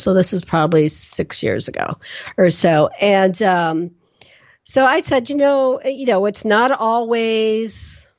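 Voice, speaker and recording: A middle-aged woman speaking as a guest on a podcast, animated and storytelling, acting out her quoted lines with laughter. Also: mid-range voice, no echo. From Pennsylvania, US. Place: her home office. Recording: dry, slightly dull sound.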